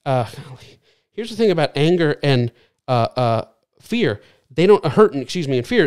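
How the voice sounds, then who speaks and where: A man's voice: medium pitch, expressive, fairly quick, darkish tone, clear, resonant tone. Earnest man giving a slide talk. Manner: earnest, acts out other people's voices. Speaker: speaker teaching a series. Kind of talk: lecture-style talk with slides.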